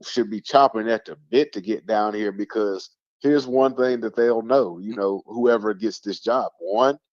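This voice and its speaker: A man's voice: lowish voice, measured pace, a little mellow, dry recording. A man hosting a casual sports talk show, rambling with lots of fillers and restarts. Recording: dull lo-fi stream audio.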